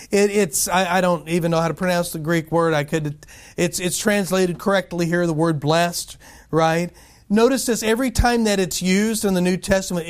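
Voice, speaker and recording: Male pastor, high voice, emphatic sermon delivery with rhetorical questions and slow stressed scripture phrases. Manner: emphatic, asks and answers his own questions.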